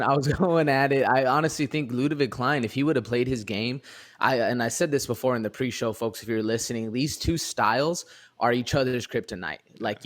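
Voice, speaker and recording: A man co-hosting a podcast, giving relaxed, rambling fight analysis, full of fillers and "man". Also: medium pitch. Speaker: podcast co-host. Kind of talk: casual MMA fight analysis.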